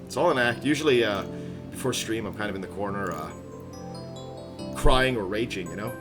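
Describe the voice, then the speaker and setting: Chatty gamer dude on stream, voice jumps all over, loud music going behind him. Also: male voice, on the low side, expressive, fairly quick. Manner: rambling, upbeat, laughs often. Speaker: game streamer. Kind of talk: casual live-stream chat. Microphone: headset. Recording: background music playing loudly.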